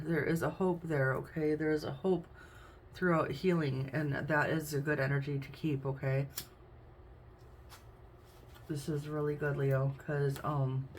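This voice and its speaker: A woman giving a casual tarot reading at home, chatty, with frequent "um"s and "okay?"s. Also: low voice. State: hiccups. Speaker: tarot reader. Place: home room with window open. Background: faint noise from outside.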